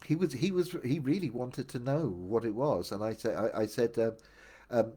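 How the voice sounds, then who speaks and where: An older man with a husky, slightly breathy voice at an ordinary middle pitch. He tells his life story casually, wandering and reflecting as he goes and often circling back to restart a thought. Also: moderate pace, warm tone. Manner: meandering, reflective, with many restarts. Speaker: memoir storyteller. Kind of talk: casual first-person storytelling.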